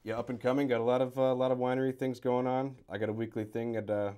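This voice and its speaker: A man who plays blues guitar, answering interview questions in a modest, hesitant way with many pauses. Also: mid-range voice, flat delivery, dark tone, clean tone.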